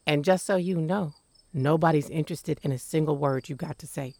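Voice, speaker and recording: A woman's voice: sits low, brisk, dark tone, dry recording. A curt, guarded woodswoman. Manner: curt, commanding, dry wit. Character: guarded, sharp-tongued woman living alone in the woods. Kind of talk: radio drama acting.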